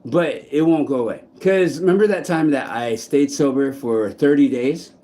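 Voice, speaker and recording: A man vlogging outdoors in a park, speaking in a blunt, halting monologue full of restarts and swearing. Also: on the high side, dark tone. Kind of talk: candid personal monologue.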